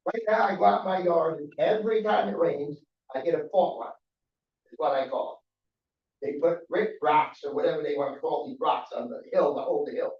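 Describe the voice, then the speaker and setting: A man's voice: fairly high pitch, a little fast. A middle-aged man giving public comment at a council meeting, aggrieved and pleading, repeating himself as he makes his complaint. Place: council chamber. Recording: roomy, distant, dull chamber audio.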